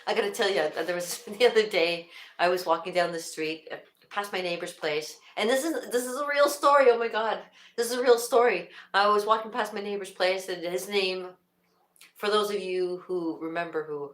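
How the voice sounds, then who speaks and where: A woman's voice: mid-range voice, a little fast, a bit bright. Chatty older woman, echoey room. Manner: rambling, laughs often, many restarts. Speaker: livestream host. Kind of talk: casual chat to viewers.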